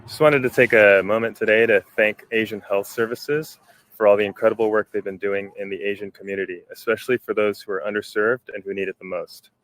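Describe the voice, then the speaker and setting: Low-voiced man giving sincere thanks. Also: steady tone, brisk, a bit bright. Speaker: actor. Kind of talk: recorded video message.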